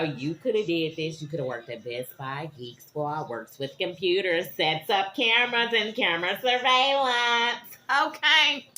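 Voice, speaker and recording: A woman giving a tarot reading to her viewers, animated and dramatic, often checking in with "okay?". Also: lowish voice, a little hiss or hum. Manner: animated, keeps asking "okay?". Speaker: tarot reader.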